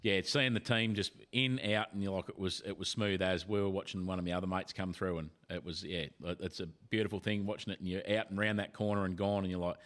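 An Australian man co-hosts a relaxed chat show in a low voice. He jokes around easily and chuckles often between remarks. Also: fast, hardly any pauses. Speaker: podcast co-host. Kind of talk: casual chat.

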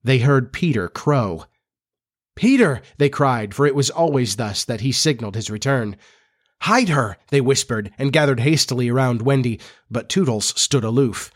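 Man, podcast host, mid-pitched, confiding, expressive audiobook reading. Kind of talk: audiobook reading with chatty intro.

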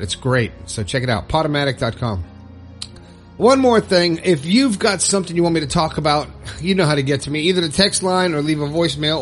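A man hosting his own podcast, talking in a chatty, upbeat, folksy way. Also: on the high side. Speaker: podcast host. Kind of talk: casual solo podcast talk.

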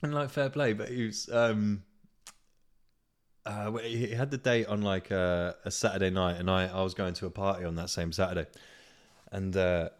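Deep-voiced man telling gossip. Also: fairly even intonation, moderate pace. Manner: rambling, swears a lot, laughs at his own story. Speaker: podcast host. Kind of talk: casual storytelling monologue.

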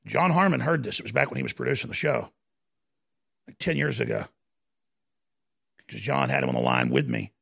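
A man's voice: mid-range voice, sing-song, gravelly, fairly bright tone, slightly rough. A male talk radio host delivering impassioned, digressive political commentary, piling up phrases and restarting sentences. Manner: impassioned, digressive, rapid-fire with repeated restarts.

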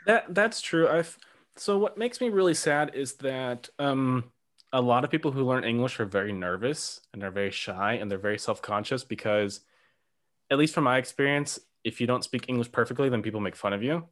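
A man hosting a podcast interview. He talks in a relaxed, curious way and often says "um.". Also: medium pitch, normal speed. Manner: relaxed and curious, with "um" and light laughs. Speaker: podcast host. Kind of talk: casual interview chat.

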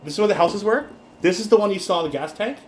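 A man narrates a tabletop zombie game as its game master, stumbling and repeating words as he lays out the scene. His voice sits a little high. The sound is roomy and echoey, with a faint hiss behind it. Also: animated, fast. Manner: stammering, repeats words while explaining.

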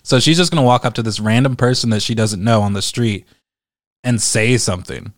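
A man's voice: medium pitch, fairly quick, dry recording, studio quality. Profane, exasperated man ranting dryly. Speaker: commentator reading online comments. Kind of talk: casual ranting commentary.

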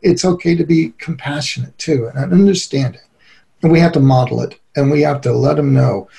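A middle-aged man speaks as an interview guest with an earnest, animated manner. His voice carries a gravelly fry and a warm, mellow colour, set slightly higher than most men. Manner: earnest, animated, quick to laugh. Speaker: guest expert on relationships. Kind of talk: conversational interview.

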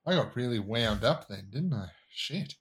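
A man's voice: mid-range voice, lively intonation, normal speed. A man co-hosting a casual podcast, ranting in a fired-up way and swearing freely. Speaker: podcast co-host.

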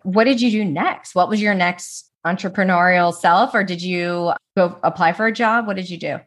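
A woman's voice: lowish voice, normal speed. A middle-aged woman hosting an interview over a video call, chatty and full of energy. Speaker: interview host.

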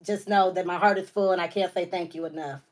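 A woman's voice: lowish voice, steady tone, fast. A woman guest on a live stream, talking through tears and laughter with effusive thanks. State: crying. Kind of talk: emotional live stream chat.

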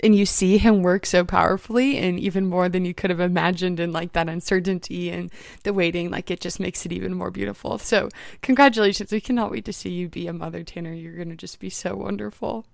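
A young woman hosts a faith conversation in a gentle, affirming tone, her voice low and edged with fry. The recording is dry and close, with no room sound. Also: fairly even intonation, brisk, dry recording. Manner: soft-spoken, gentle, affirming. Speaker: podcast host. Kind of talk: faith-based interview conversation.

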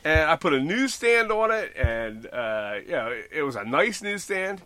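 Forceful-sounding man chatting about models. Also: fairly high pitch, very animated, normal speed, no room sound. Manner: rambling, self-deprecating, many fillers. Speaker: model railroad hobbyist podcast host. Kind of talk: casual chat.

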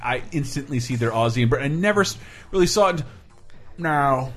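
A man's voice: medium pitch, expressive, a bit bright, faint music behind. Rambling man hosting a podcast. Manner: rambling, halting with fillers. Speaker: podcast host. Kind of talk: casual chat.

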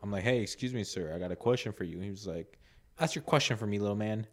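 A man's voice: on the low side, fast. A man co-hosting a podcast, telling a story in a rambling way with lots of "like"s and acted-out quotes. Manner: rambling, many "like"s, laughs a lot, acts out quotes. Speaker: podcast co-host. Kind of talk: casual storytelling chat.

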